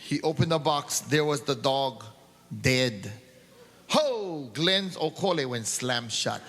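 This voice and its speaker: A man's voice: mid-range voice, expressive, slow, fairly bright tone, in a large hall. A man doing stand-up, telling jokes in a pidgin-flavored storytelling voice. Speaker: comedian. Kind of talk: stand-up joke telling with sung refrains.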